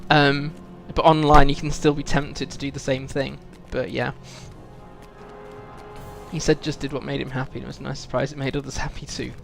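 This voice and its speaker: A man's voice: medium pitch, level tone, normal speed, vocal fry, soft background music. A British man streaming a video game, chatting reflectively with viewers, full of ums and restarts. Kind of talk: casual live-stream chat while playing.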